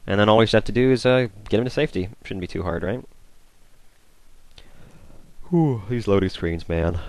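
A young man chatting casually as he plays a video game, rambling and easily excited. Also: lowish voice, brisk, pauses often, no echo. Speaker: gameplay commentator. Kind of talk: casual let's play commentary.

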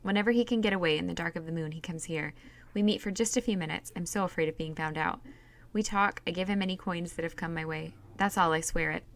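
A woman's voice: on the low side, quick pace, close to an everyday voice. A woman reading aloud as a young slave woman who earnestly pleads her case in a storybook. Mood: pleading.

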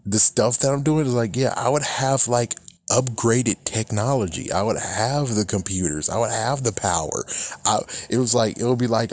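A man's voice: medium pitch, moderate pace, darkish tone, no room sound. A man on a YouTube channel, talking in a casual, rambling rant, frustrated and swearing often. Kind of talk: casual ranting vlog.

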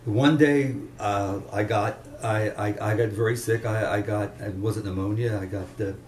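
A man's voice: fairly low pitch, fairly even intonation, moderate pace, slight background noise. Brief: older man, veteran guitarist, chatty storyteller with restarts, faint room ambience behind him. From Chester, Pennsylvania area. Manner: rambling, anecdotal, with restarts. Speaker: veteran rock guitarist interviewee. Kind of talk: casual storytelling interview. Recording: roomy room, distant mic, faint ambience.

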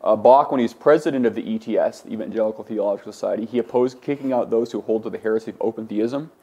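A man's voice: lowish voice, fast, dark tone, husky, muffled recording. A man teaching a Greek class, lecturing in a conversational way with many fillers and restarts. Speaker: Greek instructor.

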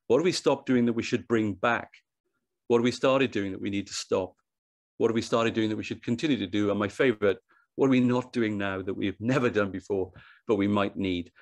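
A man's voice: mid-range voice, dry recording. A man giving a conference presentation, thinking aloud with frequent restarts and repeated words. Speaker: conference speaker. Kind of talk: presentation talk. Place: online event.

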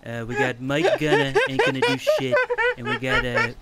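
A boastful mayoral candidate, voiced by a man, talking up his own huge ideas and tacking "all right?" onto nearly every line. His voice is middle-pitched, and it comes through a noisy stream with a steady hiss underneath. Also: moderate pace.

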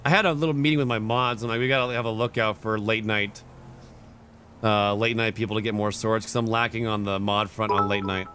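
A man's voice: on the low side, level tone, brisk, sharp tone, a little hiss or hum. A young man streaming live, chatting casually, chuckling and thanking his chat. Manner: laid-back, chuckling, reads and thanks chat.

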